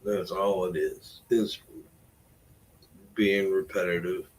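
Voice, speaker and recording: A man's voice: low-pitched, flat delivery, takes it slowly, slight background noise, rough recording. A middle-aged man rambling in a casual vlog, wry and self-deprecating, trailing off between thoughts. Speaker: vlogger.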